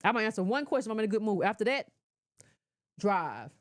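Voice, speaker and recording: A woman's voice: medium pitch, animated, fast, dry recording, studio quality. A middle-aged woman giving casual, opinionated commentary, lecturing emphatically and talking in a colloquial way. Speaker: commentator reacting to clips.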